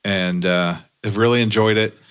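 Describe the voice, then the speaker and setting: A man co-hosting a podcast, giving a cigar review in easygoing casual chat with many pauses and fillers. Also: on the low side, steady tone, fairly bright tone, smooth.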